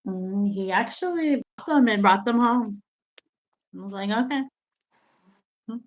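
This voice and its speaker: A woman in her fifties speaking hesitantly on a video call, pausing often with sighs and small laughs. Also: medium pitch, expressive, low-quality recording. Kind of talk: casual chat.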